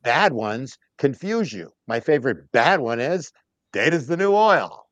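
A man speaking as a podcast guest on data strategy, emphatic and animated, acting out other people's lines as he goes. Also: mid-range voice, a little slow, no room sound, highs cut off. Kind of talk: casual podcast interview talk.

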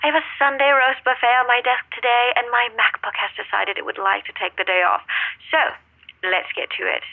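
A curt accountant on the phone. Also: female voice, fairly high pitch, fairly even intonation, a little fast, no echo. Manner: curt, impatient, suspicious. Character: brisk, suspicious English office accountant woman. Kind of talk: audio drama acting. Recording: tinny, husky phone line.

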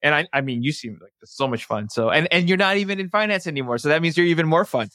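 A man's voice: fairly high pitch, animated, fast, fairly bright tone, no echo, clean studio sound. A man hosting a podcast interview who asks friendly questions in a hesitant way, with many fillers and restarts. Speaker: podcast host.

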